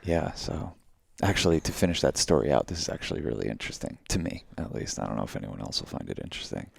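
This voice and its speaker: A man's voice: a bass voice, fast, gravelly, slightly rough, no room sound, clean studio sound. A young adult man co-hosting a podcast, telling rambling stories in casual chat and acting out what people said. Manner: rambling, animated, acts out quotes. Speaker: podcast co-host.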